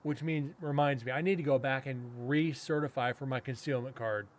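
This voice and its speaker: A man's voice: medium pitch, slight background noise. A man casually telling a long story, rambling with fillers and restarts and acting out what others said. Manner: rambling, with frequent fillers and self-restarts, chuckling; acts out other people's lines in quick quotes. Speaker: paranormal investigator and podcast host.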